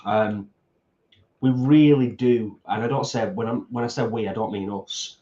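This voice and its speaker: A middle-aged man co-hosting a casual mukbang chat, earnest and deliberate, repeating points for emphasis. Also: lowish voice, warm tone. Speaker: co-host. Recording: roomy, slightly dull home recording.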